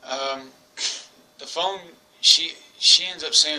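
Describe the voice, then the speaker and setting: A man in his forties telling a personal story to camera, rambling and halting with many restarts. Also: fairly high pitch, sharp tone, poor audio. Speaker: vlogger. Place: England.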